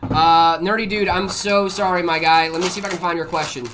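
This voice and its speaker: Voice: mid-range voice, fairly even intonation, a little fast, music in the background. A livestream host who chats casually while answering viewer questions about PC hardware, loose and filler-heavy, reading chat aloud.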